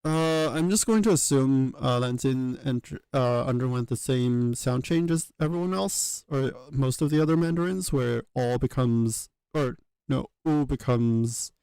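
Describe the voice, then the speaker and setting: A man's voice: medium pitch, unhurried, hardly any pauses, warm tone, smooth, no room sound. A man thinking aloud as he works, hesitant, with many fillers and self-corrections. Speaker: channel host working through a reconstruction. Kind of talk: thinking aloud while working.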